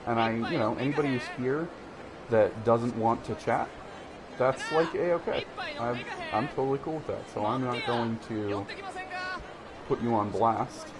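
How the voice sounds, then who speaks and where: A man's voice: medium pitch, measured pace. A man streaming a game alone, chatting to his viewers in a rambling, hesitant way full of restarts and fillers. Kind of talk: casual solo stream chat. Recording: game music and crowd noise behind.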